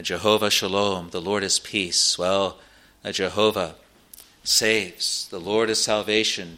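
Slow, bright-toned male preacher. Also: fairly low pitch. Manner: slow, earnest preaching with frequent "uh" pauses. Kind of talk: sermon.

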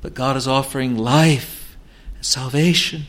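A man's voice: mid-range voice, steady tone, measured pace, a bit bright. A male preacher delivering an evangelistic sermon with earnest, pleading appeals.

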